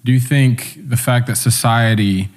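A man's voice: medium pitch, fairly even intonation. Laid-back man hosting a podcast. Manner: laid-back, halting, many restarts. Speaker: podcast host. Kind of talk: casual interview chat.

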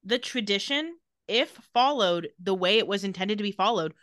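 Bright, lively woman co-host, dry close sound, recapping a show in casual chat. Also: medium pitch, no room sound. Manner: animated, reads out scenes with quick quoted lines. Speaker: podcast co-host.

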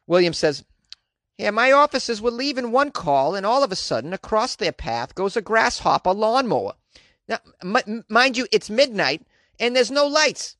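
A brash, blustery guy with a thick Boston accent, as a news host puts him on, barrels through a story about a drunk driver with loud, exaggerated emphasis. His slightly high voice comes through a dry, close mic. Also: no echo.

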